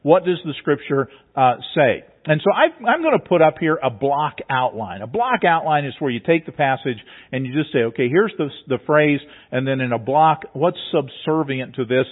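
A man's voice: on the high side, lively intonation, normal speed, few pauses. A man preaching a sermon, explaining a passage step by step in a teacherly way and often repeating words as he goes. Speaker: pastor. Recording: tinny phone-like sound.

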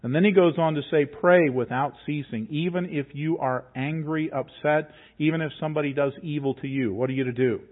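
A pastor preaches to his congregation in a conversational yet emphatic way, reading scripture aloud and driving his points home. His fairly high voice is brisk with hardly any pauses, and the recording sounds tinny, like a phone.

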